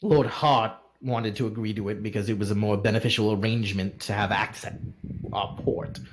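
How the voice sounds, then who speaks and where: Man doing weary devoted maester, quiet tired voice, tabletop role-play. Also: on the low side, steady tone, normal speed, pitched below the performer's own voice, close to an everyday voice.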